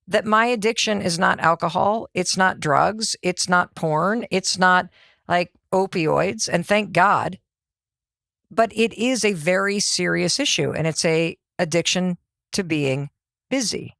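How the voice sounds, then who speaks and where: A middle-aged woman hosting a motivational podcast, talking in an energetic, conversational way and asking herself rhetorical questions. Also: medium pitch, unhurried, creaky, no room sound, clean studio sound. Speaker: podcast host.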